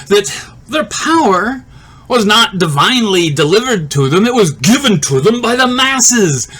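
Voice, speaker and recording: A man telling a personal story in a casual monologue, animated, laughing often and swearing freely. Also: high voice.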